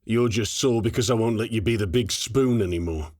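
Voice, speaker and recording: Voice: medium pitch, fairly quick, darkish tone, close to an everyday voice. A man voicing a tired squad soldier in an audiobook, bantering half-heartedly. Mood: weary.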